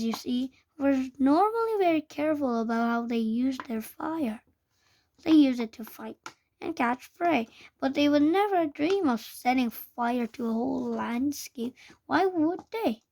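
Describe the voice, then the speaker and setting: A woman reading a children's book aloud in a halting way, stumbling and restarting words. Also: high voice, lively intonation, a little mellow. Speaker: reader.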